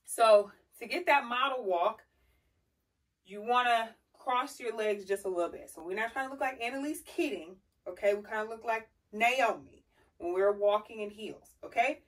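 A sassy, chatty woman talks through a casual tutorial in a fairly high voice. She sounds lively while she walks and demonstrates. She is picked up from a distance, across a carpeted room. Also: moderate pace. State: slightly out of breath. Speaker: style vlogger teaching heel walking.

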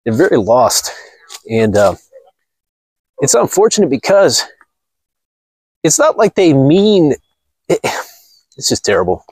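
A man's voice: medium pitch, sing-song, takes it slowly, long pauses, darkish tone, breathy edge, dry recording. A man hosting his own channel in a casual, rambling monologue, blunt and cursing casually. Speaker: channel host.

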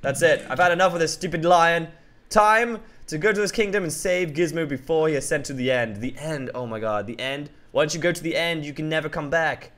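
A man hosting a game roleplay who talks excitably and keeps yelling out names and exclamations. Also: on the high side, a little fast.

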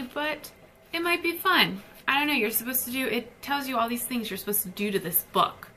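A woman's voice: on the high side, sharp tone, slight background noise. A young woman chatting casually and gushing about books she received. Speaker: book vlogger. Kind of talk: casual book haul chat.

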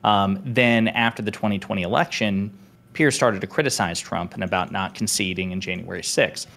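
A man with a fairly low voice talks as a commentator guest in casual debate chat. He is emphatic and lays out his argument point by point. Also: fairly even intonation, moderate pace, gravelly, a bit bright. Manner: emphatic, builds a case point by point.

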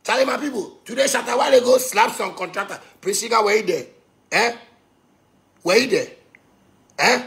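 A man from Ghana with a Ghanaian Pidgin English accent, ranting angrily, swinging between shouting and low muttering. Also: lively intonation, moderate pace, vocal fry, pauses often. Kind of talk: angry rant.

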